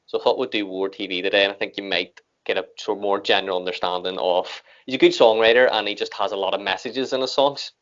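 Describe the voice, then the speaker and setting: An Irish man talks quickly and casually, rambling through his thoughts with fillers and restarts. His voice sits fairly low. The recording sounds dull and lo-fi. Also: fairly even intonation, fairly bright tone. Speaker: reaction video host. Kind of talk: casual chat. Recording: dull lo-fi audio.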